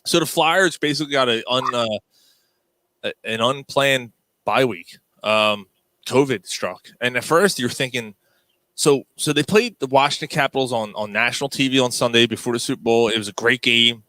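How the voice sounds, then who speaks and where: A man's voice: mid-range voice, moderate pace, bright, forceful tone, no echo. A man in his thirties hosting a casual sports podcast, telling stories in a profane, joking way. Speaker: podcast host.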